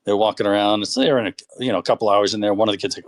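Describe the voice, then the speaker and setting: A man calling in to a show, chatting casually and rambling with warm thanks. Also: lowish voice, fairly even intonation, rapid-fire. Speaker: caller. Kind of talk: casual call-in chat.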